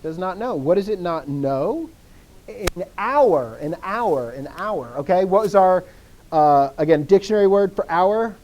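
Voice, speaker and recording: A man's voice: high-pitched, expressive, measured pace, a little mellow, muffled recording, slight background noise. A man teaching a language class, keen and chatty, who asks questions and answers them himself. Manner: enthusiastic, self-interrupting, asks and answers his own questions. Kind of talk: classroom lesson.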